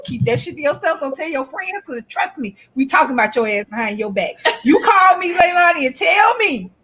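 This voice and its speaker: Woman co-host, casual chat; blunt, profane, quick to laugh; high, expressive voice.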